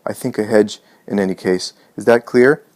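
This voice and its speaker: Brief: man voicing a worried mistress of the house, quiet and urgent, low-pitched. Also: moderate pace, lightly acted. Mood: urgent hushed. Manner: hushed, urgent instructions. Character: Martha, anxious determined mistress of house.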